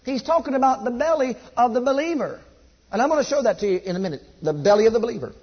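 A man's voice: extremely high pitch, expressive, fast talker, slightly rough. A male pastor preaching a sermon with a fervent, repetitive cadence. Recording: dull lo-fi church recording.

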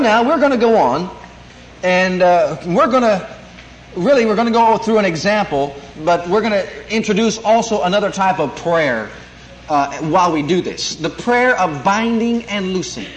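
A man preaching a sermon, emphatic and calling out for amens as he teaches. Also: sits high. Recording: echoey room, faint noise.

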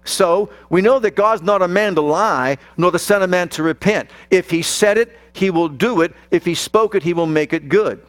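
A man with a high-sitting voice preaches a sermon slowly and emphatically, speaking straight to the congregation. The recording has no room sound.

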